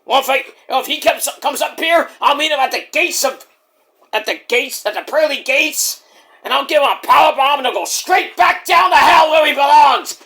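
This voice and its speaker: Brief: a ranting, easily enraged wrestler ghost with a high, sharp, shouting voice, put on by a man. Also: creaky, full character voice. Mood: boastful ranting. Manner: shouting, ranting, quick to apologize.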